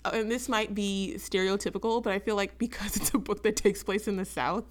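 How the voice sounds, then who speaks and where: A woman co-hosting a casual book chat, talking in a chatty, animated way full of fillers. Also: medium pitch, brisk. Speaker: book podcast co-host.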